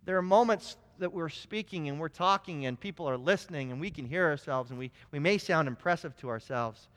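A man preaching a sermon, telling stories in an animated way with frequent restarts. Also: on the high side, brisk. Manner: storytelling, animated, many restarts. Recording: long hall reverb.

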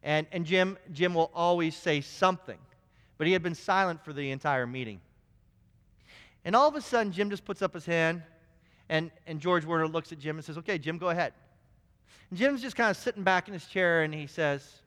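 Man, preacher, animated storytelling, high voice, hall echo. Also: a little fast. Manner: storytelling, animated, many restarts. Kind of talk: sermon with personal stories. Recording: long hall reverb.

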